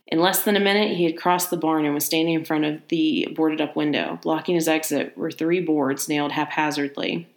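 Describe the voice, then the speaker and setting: A woman reading a horror story aloud in steady narration, now and then adding a casual aside of her own. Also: sits low, a little fast, vocal fry, hardly any pauses, roomy sound.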